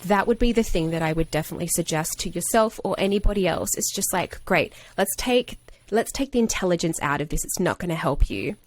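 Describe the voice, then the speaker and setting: A woman's voice: on the low side, fairly quick. A woman, an actor and acting coach, telling an anecdote in a casual podcast interview and acting out the quotes. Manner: animated storyteller who acts out quotes.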